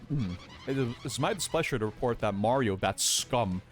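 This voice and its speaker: A man's voice: medium pitch, expressive, normal speed, faint music behind, lightly acted. A man reading a fawning old witch servant. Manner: simpering and overly polite.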